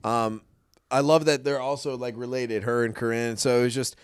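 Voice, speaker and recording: A man's voice: medium pitch, fairly even intonation, normal speed, clean tone. Laughing man on a movie podcast. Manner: enthusiastic, laughs often, echoes others' lines. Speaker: podcast co-host. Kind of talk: casual movie review chat.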